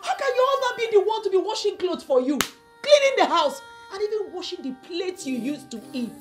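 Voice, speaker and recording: An actress playing an outraged middle-aged mother who scolds her daughter, speaking in a loud, exclamatory way. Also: very high voice, sing-song, a little fast, soft background music. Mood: scolding. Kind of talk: film drama acting.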